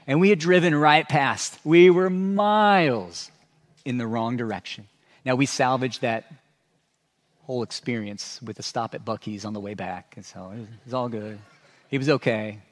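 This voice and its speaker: A man's voice: mid-range voice, moderate pace. A man preaching a sermon as a pastor, telling stories and acting out sarcastic asides. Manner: animated storytelling with sarcastic asides.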